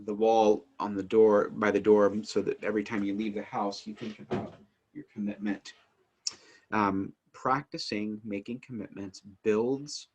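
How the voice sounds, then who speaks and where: A man who teaches family life, talking casually to the camera in an earnest, eager way while working to keep his pace slow and calm. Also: lowish voice, slightly rough. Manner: earnest, eager, works at speaking slowly and calmly; frequent fillers and restarts as energy rises. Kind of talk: casual instructional talk to camera.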